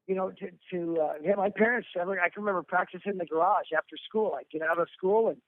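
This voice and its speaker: Brief: forties drummer guest from Oregon, slangy and laughing, fairly high voice, dry tinny phone line. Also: male voice, fast talker, dry recording. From Oregon, USA. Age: 40s. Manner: animated, laughs often, slangy with "dude" and "bro". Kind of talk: casual interview chat.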